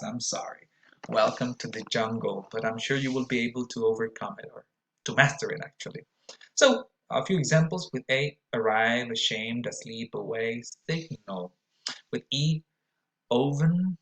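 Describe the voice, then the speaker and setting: A male English teacher talks at an unhurried pace through a pronunciation lesson. He drags out each example word and says it twice or three times. His delivery is careful and drilled. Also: medium pitch, a bit bright. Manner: slow, deliberate, repeats example words with exaggerated stretched vowels.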